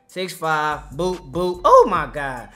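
A young man doing casual, slangy commentary over his basketball video game, trash-talking and sometimes shouting or singing. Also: on the high side, fairly quick, faint music behind. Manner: hyped slangy trash talk, sings and shouts over play. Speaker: gaming YouTuber.

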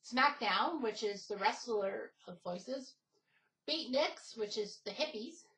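A woman's voice: on the high side, lively intonation, slow pace, fairly bright tone, poor audio. A woman hosting her own gaming channel, talking casually in a rambling way with many fillers and restarts. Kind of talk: casual gaming video talk.

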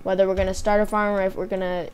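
A woman's voice: mid-range voice, flat delivery, rapid-fire, darkish tone, a little hiss or hum. Chatty young woman narrating gameplay. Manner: chatty, narrates her own gameplay aloud. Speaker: gaming channel host. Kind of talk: casual let's-play chat.

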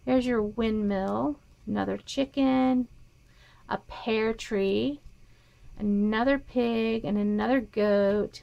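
A woman's voice: on the high side, vocal fry, highs cut off. A woman showing paper crafting supplies in a casual haul video, naming each piece and gushing over how cute they are. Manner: reads items aloud, gushing softly. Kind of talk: casual show-and-tell haul.

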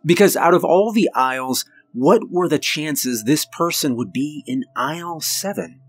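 A man narrating a scripted horror story in the first person, with measured, suspenseful delivery and dramatic pauses. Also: a little high, expressive, slightly rough.

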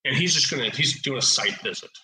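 A man in his forties from Oregon, a podcast guest and retired officer, telling lively anecdotes in a casual, blunt, salty way. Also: mid-range voice, quick pace, echoey room, low-quality recording. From Oregon, USA. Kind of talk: casual storytelling.

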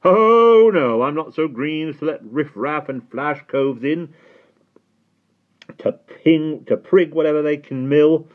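A man playing a rough, greedy male gatekeeper who growls and sneers in loud slang. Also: on the high side, expressive, takes it slowly, pitched above the performer's own voice. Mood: sneering. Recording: tinny phone-like sound.

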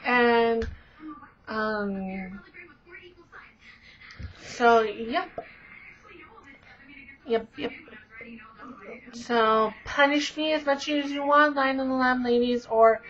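Teen girl vlogger, chatty and gushing, higher voice, muffled home recording. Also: fairly even intonation, very slow, long pauses, a bit bright, slight background noise. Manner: gushing, rambling, many fillers. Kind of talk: casual chat. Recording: dull lo-fi webcam audio.

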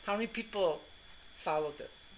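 A man's voice: high voice, moderate pace, a little hiss or hum, rough recording. A man giving a classroom anatomy lecture, joking and quizzing students as he goes. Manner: joking, drills students with questions.

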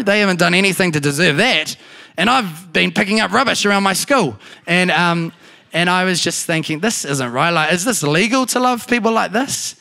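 A man with a New Zealand accent delivers a sermon full of personal stories. His voice sits at an ordinary middle pitch, and he jumps up high and loud when he acts out the people he quotes. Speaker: pastor.

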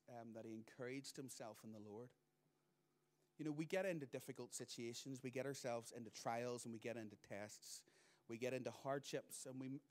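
A man's voice: medium pitch, darkish tone. Man preaching with swinging emphasis. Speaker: pastor. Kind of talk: sermon.

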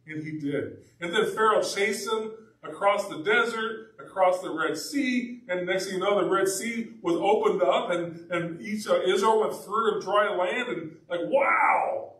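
Animated preacher in an echoey church. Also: male voice, high-pitched, a little slow, far from the mic. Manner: conversational, animated storytelling. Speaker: pastor. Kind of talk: sermon. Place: church sanctuary.

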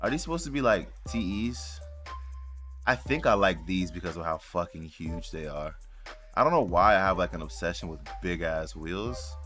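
A man giving casual, slangy commentary while playing a racing game, excitable and profane, chatting to his viewers. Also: deep voice, moderate pace, faint music behind. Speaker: gaming YouTuber.

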